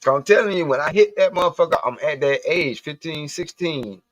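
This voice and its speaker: Blunt rambling man, raised in the Southern US, profane livestream rant; slightly high voice, dry close sound. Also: a little fast, fairly bright tone, no echo. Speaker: livestream host. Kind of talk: casual ranting monologue.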